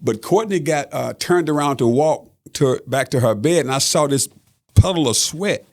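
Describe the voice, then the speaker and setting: A man's voice: on the high side, lively intonation, moderate pace, darkish tone. A middle-aged man recounting a family story on a podcast in an earnest way, repeating phrases and using many fillers. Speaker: father of the guest.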